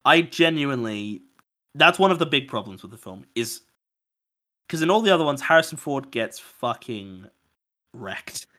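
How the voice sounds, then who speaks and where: This man talks about films with a bright, forceful edge. He sounds casual and animated, swears freely and often starts his sentences over. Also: medium pitch, normal speed, no room sound. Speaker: podcast host. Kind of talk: casual film chat.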